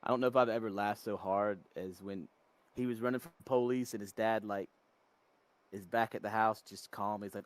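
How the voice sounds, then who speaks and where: A man's voice: fairly low pitch, steady tone, normal speed, no echo. A man from North Carolina chatting casually, telling rambling stories full of tangents and self-corrections. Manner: rambling, tangent-prone storytelling. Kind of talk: casual chat.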